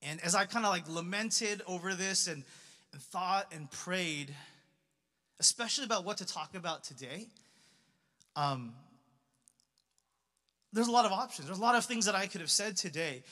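A young man delivers a sermon in a high, bright voice, talking casually with lots of "like" and restarts. His voice rings out with a long reverb. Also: lively intonation, moderate pace, long pauses. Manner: casual, conversational preaching with many fillers and restarts. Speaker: pastor. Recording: reverberant hall.

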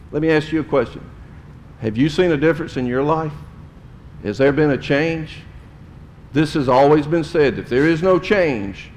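A middle-aged man preaching a sermon to his congregation, speaking emphatically and swelling louder and higher on key points. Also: slight background noise. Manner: addresses the congregation directly. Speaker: pastor. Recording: long hall reverb.

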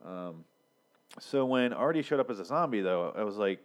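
A young man hosting a podcast casually recaps a TV episode in a lowish voice, animated and at a moderate pace. He rambles and is sarcastic, swearing often and using lots of filler words.

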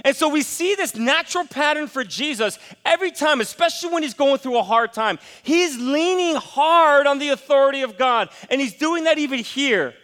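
Bright-voiced male preacher in a reverberant hall. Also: very high voice, animated, normal speed, few pauses. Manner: preaching with rising emphasis, direct questions to the congregation. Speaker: pastor. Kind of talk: sermon. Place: church sanctuary.

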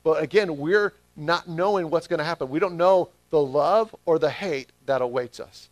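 A man's voice: on the high side, moderate pace, no echo. A man preaching a sermon, stressing his key phrases by repeating them back to the congregation. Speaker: pastor.

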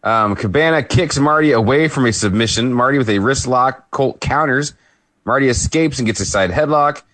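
A man co-hosting a podcast, giving a relaxed play-by-play recap of a wrestling match with light laughs. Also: mid-range voice, normal speed, dry recording. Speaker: podcast co-host.

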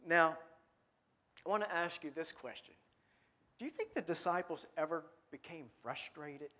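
A man's voice: on the high side, normal speed, pushed and bright. A man preaching a sermon in a conversational way, often asking his listeners questions and repeating words as he thinks aloud.

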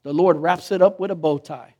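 A man with a notably high voice preaches a sermon, talking to the congregation as if in conversation. He is animated and often slips into the voices of the people and figures he quotes. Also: brisk. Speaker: pastor.

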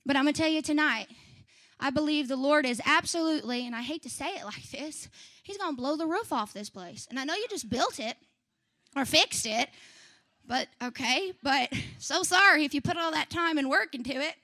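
A young woman preaching a sermon, swinging from fiery shouts to chatty asides. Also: high voice, animated, moderate pace. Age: young adult.

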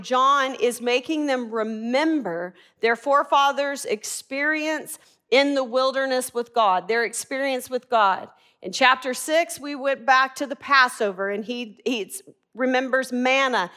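A woman's voice: high-pitched, bright, forceful tone. A woman teaching a Bible class, asking the group questions and answering them herself.

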